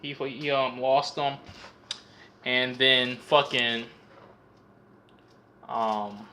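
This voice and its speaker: A young man with a bright, forceful voice rambles through a casual film recap, full of slang and swearing. He stumbles and repeats words as he talks, at a middle pitch for a man. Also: steady tone, drawn-out words, slight background noise. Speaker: vlogger reviewing a film. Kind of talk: casual profane comedic movie recap.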